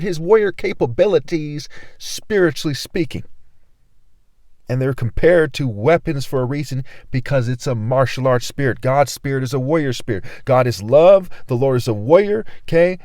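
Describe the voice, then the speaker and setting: A man's voice: a little high, lively intonation, normal speed, dry recording, studio quality. Intense ranting man preaching. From California. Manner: intense, ranting, swings between loud and muttered. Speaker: online preacher. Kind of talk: video sermon reading scripture.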